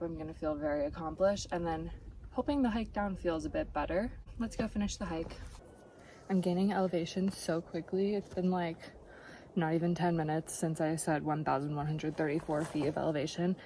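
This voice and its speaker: On a mountain trail, a young woman keeps up a bright, chatty vlog to camera as she hikes, audibly out of breath. She talks fairly quickly in a low, a little mellow voice with fairly even intonation, and a music bed plus a bit of hiss or hum sits under the audio.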